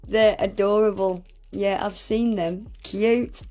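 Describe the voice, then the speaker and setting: A woman's voice: mid-range voice, slow pace, pauses often, mellow, soft background music. A woman unboxing nail art supplies in a gushing, exclamatory manner, often gasping. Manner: gushing, exclamatory, lots of gasps and "oh my gosh". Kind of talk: unboxing vlog, casual chat.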